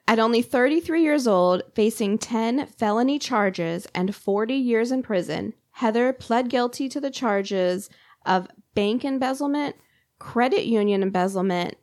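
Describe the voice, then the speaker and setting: A woman's voice: fairly high pitch, expressive, unhurried, darkish tone, no echo, clean studio sound. A woman hosting a podcast, recounting a true crime story in a casual, chatty way with frequent fillers. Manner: conversational, lots of "like" and fillers.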